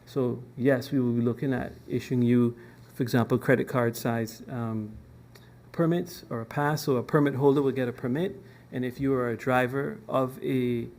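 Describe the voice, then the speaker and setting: A man from a government department giving a formal presentation to a parliamentary committee, measured and full of ums and restarts. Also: medium pitch, steady tone, a little mellow.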